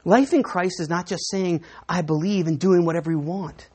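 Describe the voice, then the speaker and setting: Animated woman preaching a sermon. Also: fairly low pitch, moderate pace, breathy edge. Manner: animated, acts out crowd voices. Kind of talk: sermon with an object lesson.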